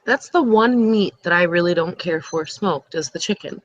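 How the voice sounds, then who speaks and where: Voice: mid-range voice, normal speed, a bit bright, dry recording, lo-fi sound. A person in casual chat, hesitant and searching for words as they explain a view. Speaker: guest on the stream.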